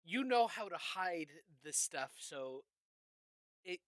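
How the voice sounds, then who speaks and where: Bright-voiced tabletop game master. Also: mid-range voice, lively intonation, dry recording. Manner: halting narration with fillers.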